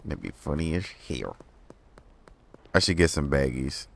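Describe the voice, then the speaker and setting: A man's voice: rumbling low, animated, measured pace, creaky, noisy background. A young man streaming a game, chatting casually to himself in a rambling, profane way. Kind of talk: casual livestream chat while playing a game.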